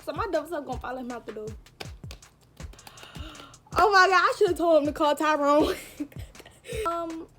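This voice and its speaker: A young vlogger with a high voice tells a storytime to camera in a loose, chatty way, animated and poking fun at herself as she speaks directly to viewers. She talks at normal speed with long pauses, and faint music plays in the background.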